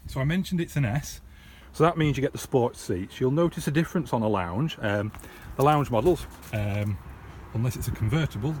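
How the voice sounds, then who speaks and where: British man, private seller, relaxed chatty walkaround, mid pitch, faint hiss behind. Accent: British English. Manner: chatty, filler-heavy, informal. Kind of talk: casual walkaround video. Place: inside a parked car.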